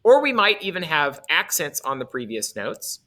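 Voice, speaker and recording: Lively bright-voiced male music teacher. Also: a little high, normal speed. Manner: casual, self-correcting, demonstrates on his instrument. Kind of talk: instrument lesson explaining articulation.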